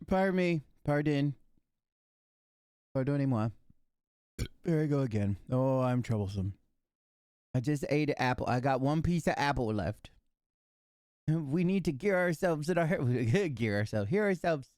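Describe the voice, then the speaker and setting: Rambling male streamer with a mellow voice. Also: mid-range voice, expressive, moderate pace, dry recording, clean studio sound. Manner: rambling, talks to himself. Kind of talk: casual live game stream chatter.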